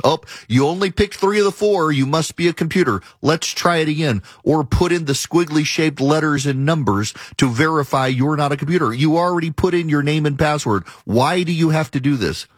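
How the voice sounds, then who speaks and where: A man's voice: medium pitch, no room sound, studio quality. A man hosting a talk radio show, delivering an emphatic, argumentative monologue and hammering his points home by repeating them. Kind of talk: opinionated monologue.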